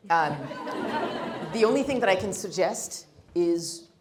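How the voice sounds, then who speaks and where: A woman's voice: lowish voice, darkish tone. Woman running a workshop, blunt and funny, echoey hall sound. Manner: blunt, emphatic, wry humor. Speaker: workshop speaker. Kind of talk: live workshop talk. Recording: roomy hall.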